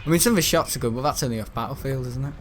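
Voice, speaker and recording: Chatty teen gamer. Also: male voice, medium pitch, very fast, a bit bright, soft background music. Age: teens. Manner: rambling, chatty, grumbling. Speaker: gaming channel host. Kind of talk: casual gameplay commentary.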